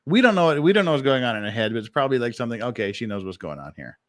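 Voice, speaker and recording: A man giving profane, excitable reaction commentary who repeats himself as he talks. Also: medium pitch, racing, no echo, clean studio sound.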